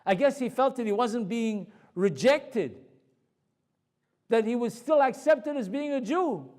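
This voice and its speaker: Man, rabbi, high voice, animated conversational lecture, live audience. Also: unhurried. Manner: animated, conversational, drops voice for the story. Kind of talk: storytelling Torah lecture.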